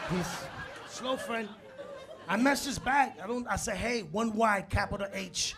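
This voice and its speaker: Stand-up comic, man in his forties, high voice, animated storyteller, live club recording with loud crowd laughter. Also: moderate pace, long pauses, noisy background. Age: 40s. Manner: animated storytelling, acts out quotes, works the crowd. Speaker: stand-up comedian. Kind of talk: stand-up comedy set. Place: comedy club on stage. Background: audience laughter.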